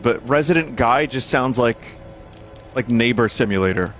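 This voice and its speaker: A man's voice: mid-range voice, normal speed, faint music behind. Goofy, jokey male streamer. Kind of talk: casual let's-play commentary.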